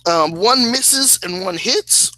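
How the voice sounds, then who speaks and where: A man running a tabletop game as its game master, talking slowly with many hesitant fillers. His voice is bright and forward. The recording is close and dry, with no room sound. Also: high-pitched, lively intonation, no echo, rough recording. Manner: slow, hesitant, laughs at himself.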